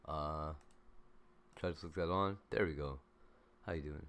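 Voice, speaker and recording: A man's voice: rumbling low, measured pace, a bit bright. A man chatting casually on a livestream, swearing freely and rambling between asides.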